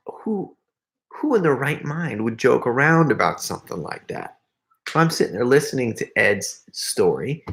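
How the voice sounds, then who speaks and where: A man's voice: mid-range voice, a bit bright. Rambling man telling stories on a livestream. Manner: rambling, restarts often, laughs while telling stories. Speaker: host reading live chat comments. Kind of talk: casual live-stream storytelling.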